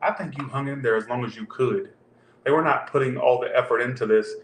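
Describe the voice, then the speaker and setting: A man at a middle pitch gives a loose, rambling tarot reading aimed right at his viewers. His voice carries a roomy echo over a faint background hum. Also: fairly quick. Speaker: tarot reader.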